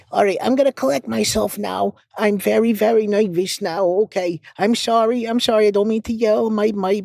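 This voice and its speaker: A man's voice: high-pitched, creaky, darkish tone, dry recording, clean studio sound, full character voice. A man voicing a nervous, stammering middle-aged male accountant who leaves a rambling voicemail. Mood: overexcited. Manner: stammering, repeating words, flustered. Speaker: voicemail caller.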